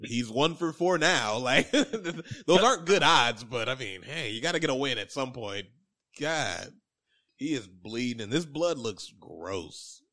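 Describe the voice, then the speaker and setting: Bright-voiced man chatting about a movie. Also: mid-range voice, expressive, unhurried. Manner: retells scenes by acting out characters' lines. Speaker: podcast co-host. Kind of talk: casual movie discussion.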